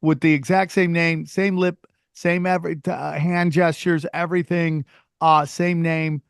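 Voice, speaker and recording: Animated man telling a story, dry sound. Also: on the high side, a little slow, vocal fry, smooth, no room sound. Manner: animated storytelling, acts out quoted people. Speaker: podcast host and comedian. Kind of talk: casual chat.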